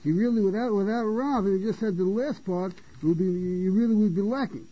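A man's voice: high-pitched, fairly quick, husky. A man teaching a Torah lecture, stopping to repeat and restart phrases, and asking questions that he then answers himself. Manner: poses rhetorical questions and answers them. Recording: dull lo-fi recording.

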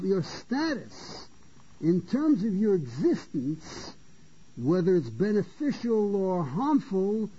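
A man with a high, husky, mellow voice gives a Torah lecture, circling back over his words and restarting sentences. He poses questions to the class, often clears his throat, and sounds dull and lo-fi. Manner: halting, repeats phrases and restarts, asks rhetorical questions. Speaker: rabbi teaching a class. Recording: dull lo-fi recording.

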